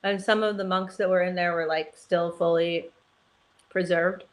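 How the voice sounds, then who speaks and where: A woman's voice: on the low side, steady tone, normal speed. A woman co-hosting a chat show, chatty and enthusiastic, full of "like". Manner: chatty, enthusiastic, says "like" a lot. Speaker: co-host. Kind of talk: casual chat.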